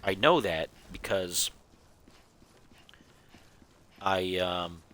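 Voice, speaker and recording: Man, low bright voice, goofy rambling game-stream chat. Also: slow. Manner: goofy, rambling, chuckling at his own jokes. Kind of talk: casual live gameplay chat.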